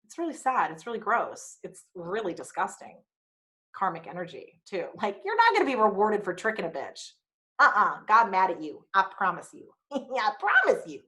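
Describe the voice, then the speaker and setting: A woman's voice: mid-range voice, very animated, moderate pace, sharp tone. A woman hosting her own podcast, telling a personal story frankly with swearing and wry asides. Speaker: podcast host.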